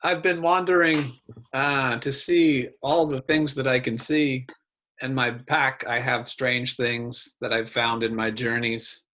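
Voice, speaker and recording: A man's voice: medium pitch, steady tone, slow pace, pushed and bright. A man voicing a jolly female wandering traveler in a tabletop game, with a put-on hearty accent. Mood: jolly, warm.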